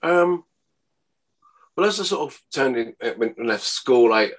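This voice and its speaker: A man, rambling and laughing as he chats in an interview, his voice not yet warmed up. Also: mid-range voice, animated, unhurried. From Hertfordshire, England. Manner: rambling, chatty, laughs often, says mate. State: voice not warmed up, early morning. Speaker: impressionist guest. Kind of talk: casual interview chat.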